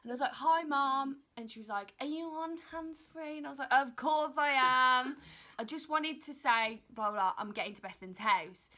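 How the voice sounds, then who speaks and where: A woman's voice: sits high, a little fast, few pauses. A young woman, telling stories in a casual chat and acting out quotes with lots of giggling. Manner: animated, giggly, acts out quotes. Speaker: vlogger, model.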